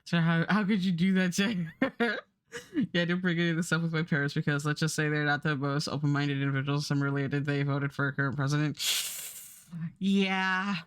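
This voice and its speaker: A woman's voice: low-pitched, fairly even intonation, moderate pace, clear, resonant tone, no echo, clean studio sound. A young adult woman streaming, chatting casually and rambling while she draws, swearing now and then.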